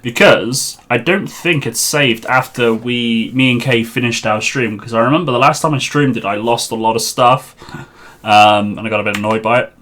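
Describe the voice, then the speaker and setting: Chatty streamer on a headset. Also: male voice, medium pitch, moderate pace, a bit bright. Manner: chatty, muttering to himself while sorting out a server. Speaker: game streamer. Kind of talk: live game-stream chat.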